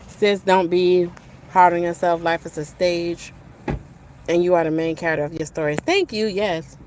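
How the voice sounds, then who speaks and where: A young livestream host talks while she eats as she walks outdoors, keeping things laid-back and slangy, laughing often and reading viewer comments. Her voice is on the low side and a little mellow, with fairly even intonation and a moderate pace, plus a little hiss or hum.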